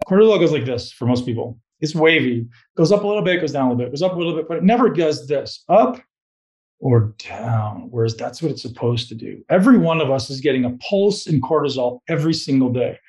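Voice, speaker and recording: A man's voice: on the high side, animated, fast talker, hardly any pauses, a little mellow. Blunt, profane man coaching a group. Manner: blunt, profane, motivational, asks the room questions. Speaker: host giving a talk on fat loss. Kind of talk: live coaching talk to a group.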